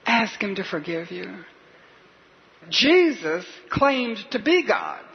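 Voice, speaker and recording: A woman's voice: medium pitch, big pitch swings, slow, highs cut off. A woman preacher delivering a sermon in an earnest, questioning, urgent manner.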